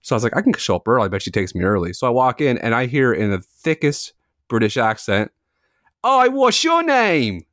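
A man's voice: on the low side, fast talker, dry recording, studio quality. A man in his forties, a podcast co-host telling a long, self-mocking story in a casual chat, with filler words and the odd swear. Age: 40s.

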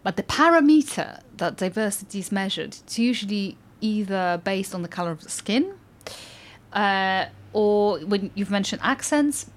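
A woman from Eastern Europe hosting an interview, talking thoughtfully with many pauses, fillers and restarts. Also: medium pitch, animated. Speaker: podcast host. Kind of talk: conversational interview.

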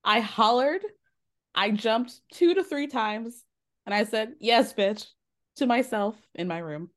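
A woman's voice: on the high side, measured pace. A woman hosting a podcast, recapping a reality show in casual chat, acting out quotes with lots of swearing. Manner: animated, swearing, acts out quotes. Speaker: podcast host.

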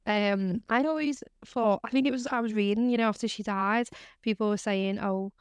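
A woman's voice: mid-range voice, normal speed, smooth, dry recording. A woman co-hosting a podcast, talking in a hesitant, casual way. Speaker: podcast co-host. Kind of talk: casual chat.

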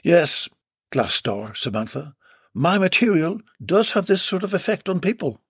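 A man hosts a comedy podcast, reading listener comments aloud with cheeky, mock-dramatic asides. His voice is quite husky and swings widely in pitch, set a little high. The recording is close and dry. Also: very animated, unhurried, no echo. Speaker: podcast host. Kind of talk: comic podcast monologue reading listener posts.

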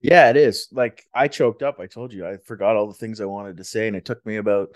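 A man's voice: lowish voice, fairly quick, no echo, studio quality. A man co-hosting a podcast from home over a remote call, trading friendly jokes and banter in casual chat. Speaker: podcast co-host.

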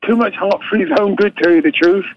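A man's voice: high voice, fast talker, dry recording. A man in his fifties from England, guesting on a sports podcast, who laughs easily and repeats himself. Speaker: guest boxer. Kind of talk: casual interview chat. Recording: dull lo-fi line, faint noise.

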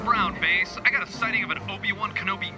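A man's voice: sits high, fast, lightly acted, low-quality recording. A man playing a goofy, jittery rebel pilot in a comedy sketch, silly and melodramatic. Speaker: sketch performer. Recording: clear music bed behind.

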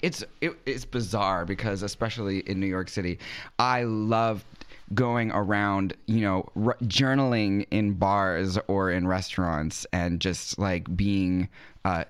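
A man's voice: low-pitched, steady tone, measured pace, clean tone. A man, a drag performer, chatting as a podcast guest and telling playful, self-mocking stories. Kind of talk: casual podcast chat.

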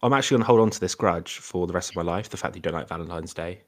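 A man's voice: deep voice, very fast. A man co-hosting a podcast in casual chat, rambling playfully with lots of fillers and restarts. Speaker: podcast co-host.

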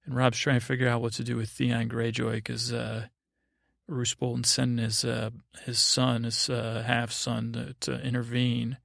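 Gravelly, flat-voiced man rambling sleepily. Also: normal speed, dry recording, studio quality. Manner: meandering, low-key, full of restarts. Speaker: podcast host. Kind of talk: drowsy rambling recap for sleep.

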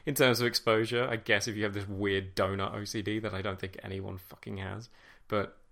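A man's voice: on the low side, level tone, a little fast, vocal fry, bright, forceful tone. A man giving casual, chatty commentary on a TV episode, swearing freely and laughing often.

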